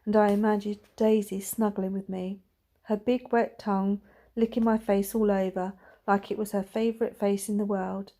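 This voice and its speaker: A woman reads a novel aloud with a gentle, quiet delivery. Her voice is mellow and warm, and she keeps an even storytelling manner. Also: medium pitch, normal speed. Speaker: reader.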